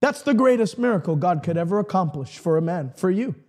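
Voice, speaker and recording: A man preaching a broadcast sermon, fervent and building to shouted declarations. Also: high voice, expressive, a little fast.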